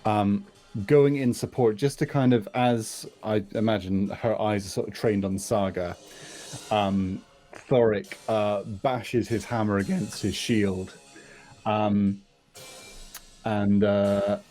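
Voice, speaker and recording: A man takes his turn in a tabletop game, his voice low and his pace very slow. He feels his way through each action with pauses. Faint music sits under him. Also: steady tone, mellow. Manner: slow, thoughtful, hesitant. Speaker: player.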